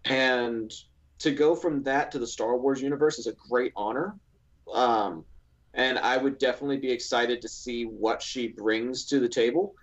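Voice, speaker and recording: A man's voice: medium pitch, moderate pace. Rambling male podcast co-host, lo-fi. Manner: rambling, with many restarts and filler likes. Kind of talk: casual podcast chat.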